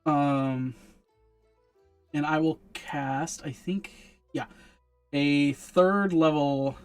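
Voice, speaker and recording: A man's voice: on the high side, fairly even intonation, extremely slow, clean tone, soft background music. A man playing a tabletop game, carefully explaining his character's spells and rules with frequent ums. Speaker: player.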